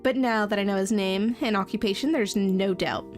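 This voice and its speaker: A woman voicing a vengeful young rebel woman in a game, accusing and intense, with soft music behind. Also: medium pitch, normal speed, lightly acted. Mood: bitter.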